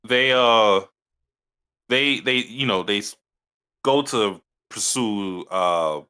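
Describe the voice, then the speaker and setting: A man co-hosting a podcast in casual chat, recapping an anime episode with halting restarts. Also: on the low side, sharp tone, smooth. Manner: halting, restarts mid-sentence. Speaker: podcast co-host.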